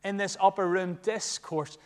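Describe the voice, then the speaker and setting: A man preaching a sermon in a church, emphatic, swinging between loud declarations and hushed asides. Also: sits high, steady tone, a little slow. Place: church sanctuary. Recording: long reverb of a large church.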